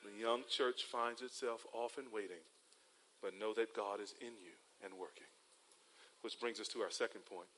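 A man's voice: medium pitch, sharp tone, poor audio. A man from North Carolina preaching a sermon as a pastor, telling stories and often calling his listeners beloved. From North Carolina, USA. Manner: storytelling preacher with rhetorical tags, addresses listeners as beloved.

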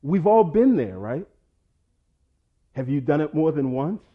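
A pastor preaching a sermon, swinging between loud urging and low quiet asides. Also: male voice, big pitch swings, unhurried, long pauses, lo-fi sound.

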